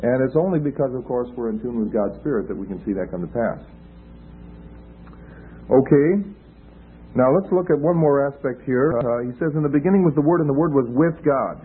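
A man preaching a teaching sermon in an explanatory way, pausing often with "uh" and restarting phrases. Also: medium pitch, expressive. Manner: explanatory, with frequent filler "uh" and restarts. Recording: tinny phone-like audio with faint noise.

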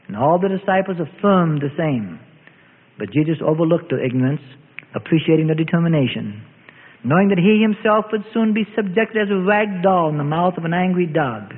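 A man tells a Bible story in a solemn, old-fashioned storytelling voice. His voice sits high and moves a lot, with a husky edge. It comes through thin and phone-like, with a long reverb. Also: lively intonation, fairly quick. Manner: solemn storytelling with archaic phrasing. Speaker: narrator. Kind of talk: dramatic scripted Bible story narration.

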